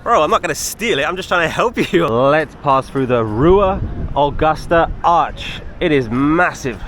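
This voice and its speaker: A young travel vlogger speaks a little slowly in a slightly high, a bit bright and expressive voice. He's out walking city streets with a handheld camera, chatting casually and directly to his viewers, with faint traffic and street noise in the background.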